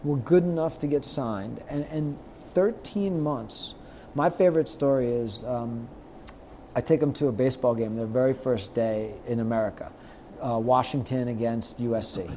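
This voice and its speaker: Middle-aged male guest, mellow voice, animated storyteller who acts out quotes, faint noise behind. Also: medium pitch, normal speed. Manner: lively anecdotes, acts out quoted lines. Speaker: guest, sports marketer. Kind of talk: storytelling in a podcast interview.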